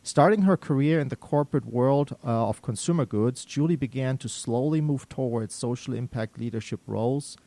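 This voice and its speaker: A man's voice: medium pitch, normal speed, few pauses, dry recording. German-accented man hosting radio, dry sound. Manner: relaxed, many fillers and restarts. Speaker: radio show host. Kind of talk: casual radio talk. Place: radio studio.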